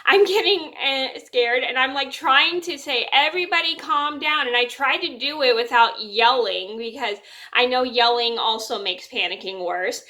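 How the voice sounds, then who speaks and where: Young woman, vlog storytelling, bright voice, a bit high, rambling with restarts. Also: a little slow. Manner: rambling, repeats words and restarts sentences. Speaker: vlogger. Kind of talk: casual storytelling to camera.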